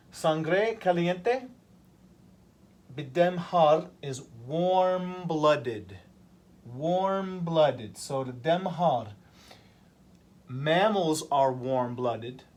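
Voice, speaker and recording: Male ESL teacher, slightly high voice, very slow and deliberate, drills vocabulary with easy questions. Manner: repeats key words and asks the class simple questions. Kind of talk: slow vocabulary lesson for language learners.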